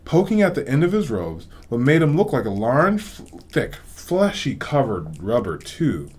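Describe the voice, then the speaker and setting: A man reading a storybook aloud as host, with expressive, varied delivery. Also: mid-range voice, normal speed, breathy edge. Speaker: reader, host.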